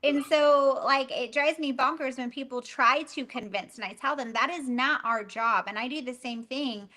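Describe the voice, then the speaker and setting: High, bright, chatty woman. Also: moderate pace. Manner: chatty storyteller, acts out quotes with a lifted voice. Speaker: discussion guest. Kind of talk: casual anecdote.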